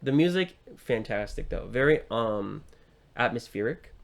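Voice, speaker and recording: A young man co-hosts a podcast, chatting casually about a film and rambling with frequent fillers and restarts. His mid-range voice is creaky, with lively intonation and a measured pace.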